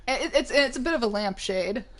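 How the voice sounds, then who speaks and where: A woman's voice: fairly high pitch, lively intonation, moderate pace, fairly bright tone. Chatty rambling woman. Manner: chatty, rambling with many restarts. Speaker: co-host of a gaming stream. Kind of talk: casual gameplay chat.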